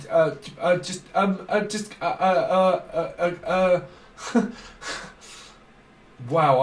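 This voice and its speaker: Man, rambling tarot reading, slightly high voice, roomy room, distant mic. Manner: rambling word association, frequent laughs, trailing restarts. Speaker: tarot reader. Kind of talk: casual channelled tarot reading.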